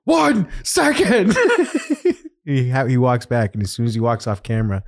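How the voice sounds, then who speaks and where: A man's voice: medium pitch, quick pace. A man hosting a podcast in casual chat, telling a story with lots of laughter. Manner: animated storytelling, laughing often. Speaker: podcast host.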